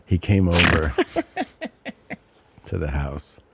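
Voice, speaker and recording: A man in his forties co-hosting a podcast, telling a story casually and acting out other people's lines in high, squeaky voices. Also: very slow, vocal fry, breathy edge. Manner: animated, acts out quotes in high voices. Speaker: podcast co-host.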